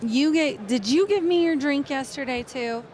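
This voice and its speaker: A woman co-hosting a live broadcast, talking in an excitable, gushing way. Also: high-pitched, normal speed. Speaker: co-host. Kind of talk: casual live broadcast chat.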